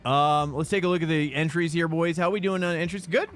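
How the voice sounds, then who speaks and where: Sim racing streamer, male, slightly high pitch, loose rambling chat, music bed behind. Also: steady tone, a little fast, a bit bright. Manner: rambling, chatty, talks to chat. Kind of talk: casual live-stream chat. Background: background music.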